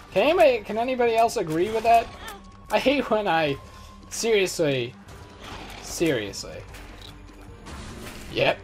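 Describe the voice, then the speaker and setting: A man in his twenties giving casual gameplay commentary, rambling and joking at his own expense. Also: sits high. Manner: rambling, joking, self-mocking. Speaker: let's play host.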